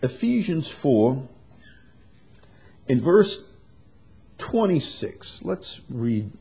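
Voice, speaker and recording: A man preaching a sermon, swinging from quiet and conversational to loud, emphatic passages. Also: medium pitch, big pitch swings, very slow, creaky, husky. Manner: builds to loud emphatic preaching, then drops soft. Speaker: pastor.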